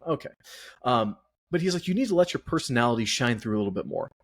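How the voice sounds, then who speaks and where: A man's voice: medium pitch, big pitch swings, quick pace. A man hosting his own podcast, out of breath and chatty, rambling along in a self-deprecating way. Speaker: podcast host. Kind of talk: casual solo podcast monologue.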